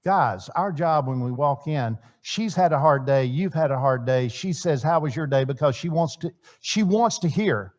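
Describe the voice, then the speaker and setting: A man's voice: fairly high pitch, expressive, normal speed, few pauses, darkish tone. A middle-aged man teaching at a church marriage seminar, talking conversationally and acting out bits of dialogue. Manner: conversational, acts out quoted dialogue, repeats words.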